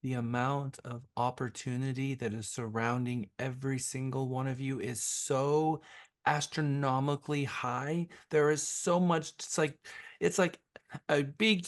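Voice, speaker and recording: A man coaching real estate agents, with an upbeat, quick and persuasive way of talking. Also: medium pitch. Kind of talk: sales training talk.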